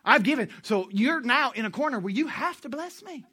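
High, bright-voiced preaching man. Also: lively intonation, moderate pace, breathy edge. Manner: call-and-response with the congregation; conversational, storytelling, with asides to the audience. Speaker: pastor. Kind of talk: sermon.

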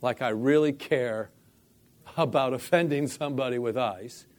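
Man telling an animated faith story. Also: medium pitch, moderate pace. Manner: animated storyteller, acts out quoted dialogue, repeats "I said". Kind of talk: storytelling interview.

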